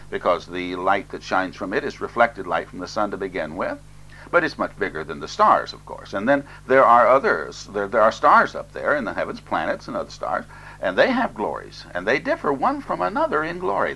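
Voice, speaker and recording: A man's voice: sits low, bright, forceful tone, a little hiss or hum, low-quality recording. A man preaching an expository sermon, reading scripture aloud and then explaining it plainly, with fillers.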